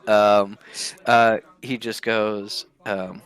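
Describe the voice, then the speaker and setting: A man's voice: lowish voice, slow, fairly bright tone. A man playing a tabletop game on a voice call, speaking in character and narrating his moves, hesitant with many fillers and restarts. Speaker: tabletop player.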